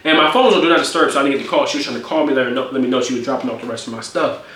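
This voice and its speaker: A man telling a story in a casual, profane and animated way, rambling as he goes. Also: medium pitch, rapid-fire, slight background noise. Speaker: streamer. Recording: echoey room.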